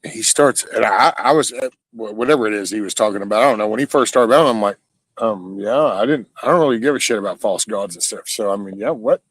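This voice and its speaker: On a livestream, a low-voiced male host chats aimlessly with his audience, cursing a lot and breaking off mid-sentence to start again. There's no echo, but the recording quality is low.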